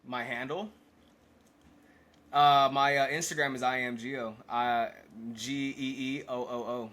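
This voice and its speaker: A man's voice: medium pitch, steady tone, a little slow, fairly bright tone. A man speaking as a podcast guest in casual chat, hesitant with many fillers and restarts.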